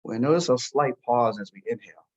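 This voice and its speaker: A man guiding a listener through a calm breathing and relaxation meditation, giving slow, soothing instructions. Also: medium pitch, husky, dull audio. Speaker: meditation guide. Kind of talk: guided meditation.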